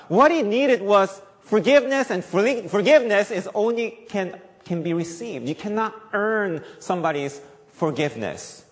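A man's voice: high-pitched, expressive, moderate pace. Emphatic male preacher in a reverberant hall. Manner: emphatic, repeats key points, asks the audience questions. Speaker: pastor. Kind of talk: sermon. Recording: long echoey reverb.

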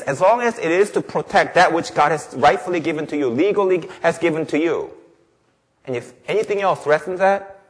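Male pastor, sermon, rather high voice, long hall reverb, emphatic rhetorical questions. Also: breathy edge. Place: church sanctuary.

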